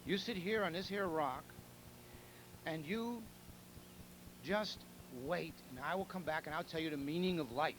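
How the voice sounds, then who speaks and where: A calm little old bearded mountain sage, as a man tells it in a joke, speaking slowly and plainly in a voice set a bit high. A steady hum and clear background noise run under the recording. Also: natural voice. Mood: instructing.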